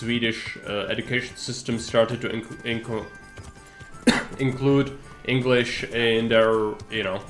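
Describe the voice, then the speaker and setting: Streamer, rambling. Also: male voice, mid-range voice, fairly bright tone, reverberant. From Czech Republic. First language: Czech. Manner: rambling, searching for words. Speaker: game streamer. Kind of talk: casual live-stream commentary.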